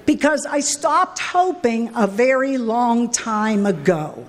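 High-voiced woman sharing her recovery story. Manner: candid, emotional storytelling with swings in pitch and pace. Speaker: recovery speaker. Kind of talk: personal recovery share at a meeting. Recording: echoey hall with long reverb.

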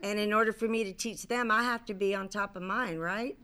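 A woman's voice: mid-range voice, fairly even intonation, brisk, sharp tone. A middle-aged woman speaking to a recovery convention, sharing her story candidly. She rambles with many fillers and restarts and swears casually. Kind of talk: personal share to an audience. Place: convention stage.

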